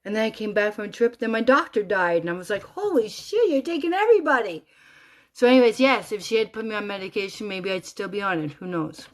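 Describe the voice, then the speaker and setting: A middle-aged woman telling a personal story as a rambling monologue, animated and swearing freely, with lots of asides. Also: medium pitch, fast talker, hardly any pauses.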